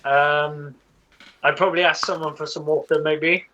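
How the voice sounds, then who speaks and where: Man, tabletop player, slightly high voice, easygoing, laid-back. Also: flat delivery, moderate pace, bright, forceful tone, poor audio.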